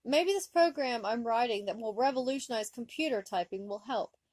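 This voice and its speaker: A woman voicing a whiny, spoiled teenage boy cadet in a read-aloud story, pitched high and loud. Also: normal speed, no room sound, lightly acted.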